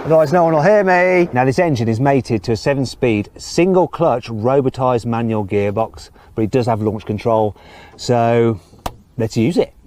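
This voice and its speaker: A man's voice: mid-range voice, moderate pace. A man presenting a car review, talking with enthusiasm and exclaiming as he drives. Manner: enthusiastic, exclaims and laughs while driving. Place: in and around a sports car. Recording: loud engine and road noise.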